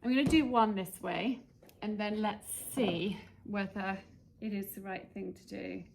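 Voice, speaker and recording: Gravelly-voiced woman vlogging DIY. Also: medium pitch, steady tone, a little slow, a little hiss or hum. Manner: chatty, thinks aloud, mutters and whispers to herself while working. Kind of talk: casual how-to vlog, talking while working. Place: cluttered workshop or barn.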